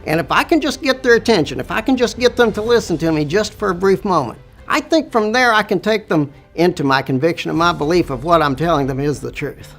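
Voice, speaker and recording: A middle-aged man with a Southern accent, telling his story in an interview with a slow, drawn-out delivery. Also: high-pitched, animated, fairly bright tone, faint music behind. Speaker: business owner.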